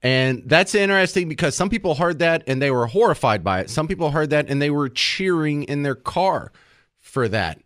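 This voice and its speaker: A man's voice: fairly high pitch, animated, normal speed, fairly bright tone, no room sound, clean studio sound. A man hosting talk radio, giving chatty, opinionated political commentary with restarts.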